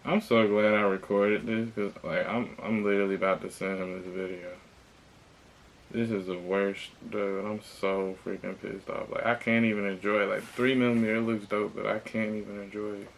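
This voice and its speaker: Young male vlogger, annoyed and swearing, with a low gravelly voice. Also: level tone, moderate pace, a little hiss or hum. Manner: frustrated, ranting, repeats himself, swears. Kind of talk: casual unboxing rant.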